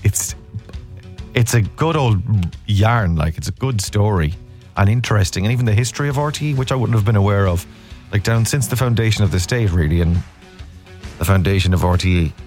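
A man's voice: lowish voice, fairly quick, darkish tone, faint music behind. A middle-aged Irish man hosting a radio show, chatting playfully and slipping into comic voices. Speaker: radio host. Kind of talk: casual radio chat.

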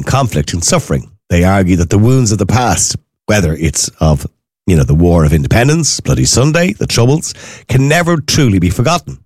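Irish man, radio talk host, low voice, animated pitch, chatty asides, dry studio sound. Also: breathy edge, no room sound. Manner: chatty, lively, rambling asides. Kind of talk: late-night radio talk.

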